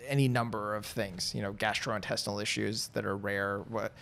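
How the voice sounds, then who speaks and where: Gravelly-voiced man in his thirties. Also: lowish voice, fairly even intonation, moderate pace, a bit bright. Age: 30s. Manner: rambling, candid, filler-heavy. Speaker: podcast guest. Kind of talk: casual chat.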